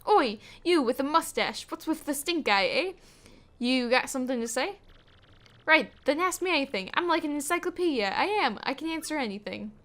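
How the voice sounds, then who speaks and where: A woman voicing a gruff, know-it-all male dock worker in a video game, talking bluntly. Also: sits high, animated, normal speed, a bit bright. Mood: brash. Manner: brash, blunt, challenging. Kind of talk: reading game dialogue aloud.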